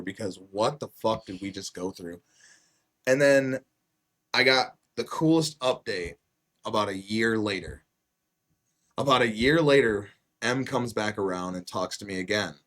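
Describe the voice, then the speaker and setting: This is a man hosting a casual podcast, recounting a story in a slightly low voice. He swears freely and acts out each quoted line with sudden loud bursts. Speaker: podcast host.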